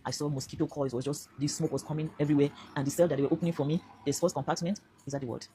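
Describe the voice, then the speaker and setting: A woman's voice: deep voice, fairly even intonation, racing, warm tone, a little hiss or hum. A Nigerian woman in her fifties giving an earnest, emphatic personal testimony to camera, now and then slipping into Pidgin phrases. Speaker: vlogger telling her own story.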